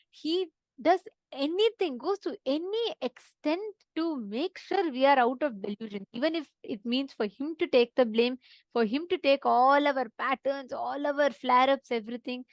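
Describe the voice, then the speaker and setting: A woman's voice: on the high side, no room sound. A woman presenting an online spiritual session, telling a devotional story with checks like "right?" and "understand?". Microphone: online session with chat.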